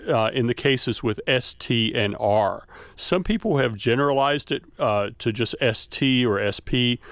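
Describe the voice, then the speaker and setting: Male academic guest, explanatory and halting, dry close mic. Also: medium pitch, no room sound. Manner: explanatory, many uh fillers. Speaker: linguistics professor guest. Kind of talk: expert explaining on radio. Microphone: studio microphone.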